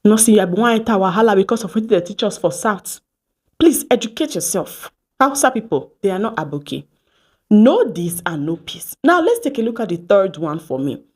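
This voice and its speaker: Nigerian woman, 30s, husky voice, animated storytelling vlog, Pidgin asides, mid pitch. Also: a little fast. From Edo State, Nigeria. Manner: animated, mixes Pidgin phrases, acts out quoted exchanges. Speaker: vlogger. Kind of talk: casual storytelling to camera.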